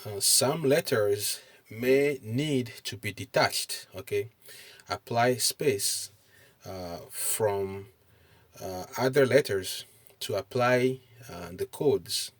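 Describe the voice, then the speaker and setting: A middle-aged man teaching a recorded online language lesson, hesitant, with many pauses and fillers, often checking in with "okay?". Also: on the low side.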